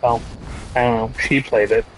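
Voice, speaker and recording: A man streaming a game, chatting with his audience in a slow, laid-back way with lots of swearing. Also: medium pitch, steady tone, slight background noise, low-quality recording. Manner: slow, laid-back, profane banter with chat. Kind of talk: casual gaming stream chat.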